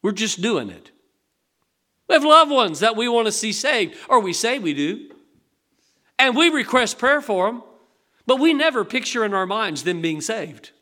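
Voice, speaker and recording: A man's voice: high voice, sing-song, normal speed, long pauses, pushed and bright. An older man preaching a sermon in a folksy, conversational way, asking the congregation rhetorical questions. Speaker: pastor.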